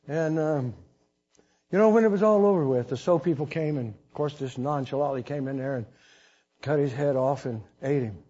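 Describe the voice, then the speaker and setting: A man's voice: fairly high pitch, a little mellow, husky, dull audio. An older man, a missionary preacher, telling a story in a folksy, rambling sermon with restarts and chuckles.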